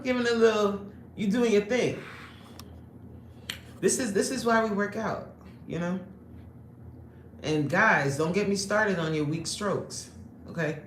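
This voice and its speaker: A woman fitness coach hosting a livestream, reading the chat aloud and joking brashly in streetwise slang. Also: low-pitched. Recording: echoey room with faint ambient noise.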